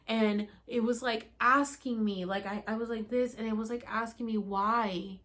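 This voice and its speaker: This young woman tells her story in a loose, chatty vlog style, jumping into high, loud bursts when she acts out what she said. Her voice sits a little high for a woman, and her delivery is animated and unfiltered, with casual swearing. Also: moderate pace. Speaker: vlogger.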